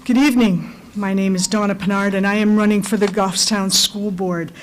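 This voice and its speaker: A woman's voice: mid-range voice, fairly even intonation, moderate pace, rough recording. Older lady giving her campaign speech, plain and wry, bit of noise behind her. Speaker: school board candidate.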